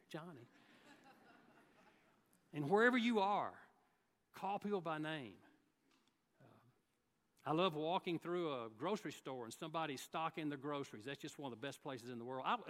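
A man's voice: a little high, fairly bright tone, in a large hall. A man preaching a sermon, telling folksy stories and acting out the people he quotes. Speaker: guest preacher. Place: church sanctuary.

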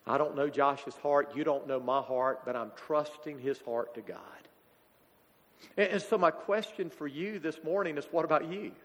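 A man, preaching a sermon as a pastor, halting and emotional as a grieving father. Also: a little high, fairly bright tone. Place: church sanctuary. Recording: church hall reverb.

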